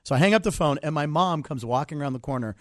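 Male comedian guest, forties, Pittsburgh-raised, lively animated storyteller, dry studio sound. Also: a little high, quick pace, dry recording. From Pittsburgh area. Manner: animated, acts out voices in his stories. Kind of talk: casual storytelling.

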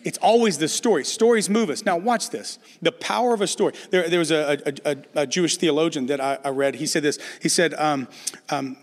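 A middle-aged male pastor preaches with a raised, animated voice, jumping into personal stories and joking with his listeners. His voice rings out through a large hall with a long reverb tail. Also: fairly high pitch, a little fast. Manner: animated storytelling, addresses the congregation with humor. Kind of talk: sermon.

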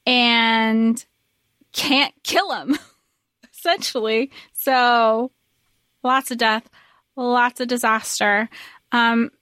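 A woman's voice: fairly high pitch, a bit bright, no echo, studio quality. A woman co-hosting a podcast, recapping a story in casual chat, earnest and rambling with lots of fillers. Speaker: podcast co-host.

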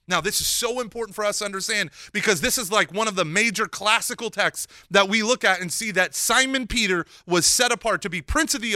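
Guy teaching scripture all animated, high voice that jumps around a lot. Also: no room sound, studio quality. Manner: animated, acts out quoted dialogue; casual slang mixed with scripture. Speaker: Catholic teacher. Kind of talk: lively teaching talk.

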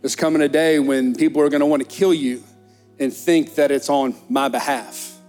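A middle-aged man, preaching a sermon as pastor in a church, telling stories with lively animation. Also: mid-range voice, normal speed, faint music behind. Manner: animated storytelling, acts out disciples' excited chatter. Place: church sanctuary.

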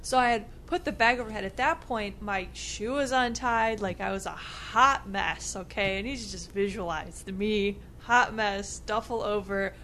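A young adult woman co-hosting a podcast, telling a story in casual chat, animated and laughing with lots of "like" fillers. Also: mid-range voice, moderate pace, few pauses, slight background noise. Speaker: podcast co-host.

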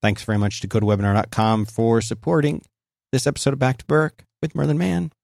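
A man co-hosting a podcast in casual chat, easygoing and quick to laugh, telling stories. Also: medium pitch, animated, gravelly, darkish tone, dry recording, studio quality. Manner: easygoing, laughs often, tells anecdotes. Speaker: podcast co-host. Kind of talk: casual chat, reads a sponsor spot.

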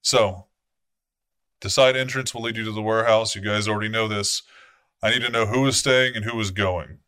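Man doing a stern vampire prince, male, commanding and formal, curt swearing, forceful bright voice, dry close sound. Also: lowish voice, fairly even intonation, smooth, no room sound. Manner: authoritative, measured orders with blunt swearing.

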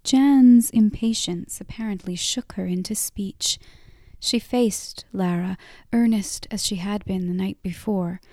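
Woman narrator, whispered role-play, slow soft reading, mellow tone, dry close sound. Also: mid-range voice, dry recording.

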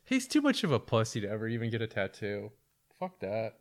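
A man's voice: on the low side, huge pitch swings, fairly quick. A man in his thirties in casual podcast chat, blunt and profane.

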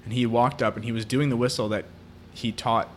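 A man's voice: medium pitch, little pitch movement, fairly quick. Male co-host, mid-range voice, casual film recap, faint noise in the background. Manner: retelling a film plot at length, with many fillers. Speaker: podcast co-host. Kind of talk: casual podcast chat.

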